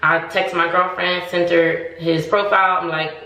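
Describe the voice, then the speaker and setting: A woman telling a personal story to camera in a casual, animated way, acting out both sides of the conversations. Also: lowish voice, normal speed, far from the mic. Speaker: storytime vlogger. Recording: echoey room.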